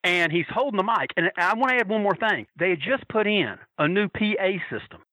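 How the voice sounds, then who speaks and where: A man casually telling a long anecdote, animated and acting out the people he quotes. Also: high voice, a little fast, no echo, rough recording. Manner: animated, acts out quoted voices.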